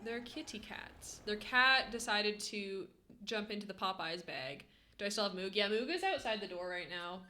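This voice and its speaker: A woman streamer chats casually with her viewers in a live stream, laughing a lot and often dissolving into giggling fits, with faint music in the background. Her medium-pitched voice is animated and sharp, at a moderate pace.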